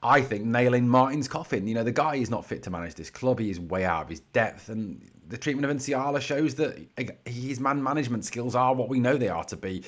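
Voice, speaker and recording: A man's voice: mid-range voice, animated, brisk, hardly any pauses. A man hosting his own football fan channel, giving heated, blunt solo commentary scattered with "you know".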